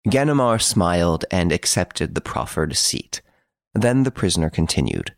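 Deep, gravelly male audiobook narrator. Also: very animated, moderate pace, no room sound, studio quality. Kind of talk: scripted narration.

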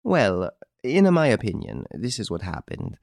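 A man reading an audiobook, voicing a calm, clever chevalier who explains a theft in a smiling, deliberate way. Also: on the low side, gravelly, no room sound, studio quality, exaggerated voice.

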